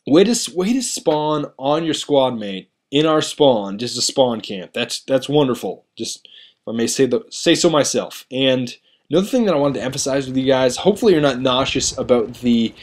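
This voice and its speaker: A man's voice: medium pitch, expressive, normal speed. Rambling man narrating gameplay. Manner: rambling, self-mocking, chatty. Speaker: gaming commentator. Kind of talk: video game commentary voice-over.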